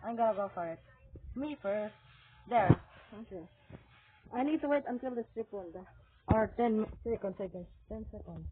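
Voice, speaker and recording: A woman giving casual gameplay commentary, excitedly exclaiming at the game and talking to her viewers. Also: a little high, normal speed, background noise. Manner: talks to viewers as "guys". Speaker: gaming video creator. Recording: tinny phone-like audio with faint game music.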